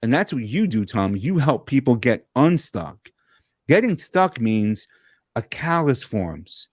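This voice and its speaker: Man, guest on video call, rapid animated storytelling, mid pitch, dry close sound. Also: dry recording. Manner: fast, animated talker with frequent restarts. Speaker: guest speaker and coach. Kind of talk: energetic conversational storytelling.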